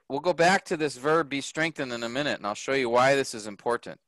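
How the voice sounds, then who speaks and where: A man teaching a grammar lesson to a group, slow and patient, often checking that the class follows. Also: medium pitch, fairly bright tone, dry recording. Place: workshop room.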